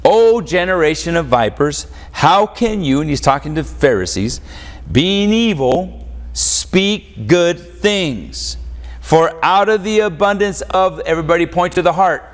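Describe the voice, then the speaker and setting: A man's voice: fairly high pitch, animated, normal speed, hardly any pauses. A man preaching a sermon as pastor, asking the congregation questions and having them answer back. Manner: call-and-response preaching, rhetorical questions. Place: church. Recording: long church reverb.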